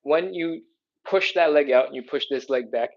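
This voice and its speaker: A man's voice: on the high side, moderate pace, creaky, lo-fi sound. A man leading a live stretching class, coaching upbeat and checking in with "all right?" as he explains each move. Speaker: fitness instructor.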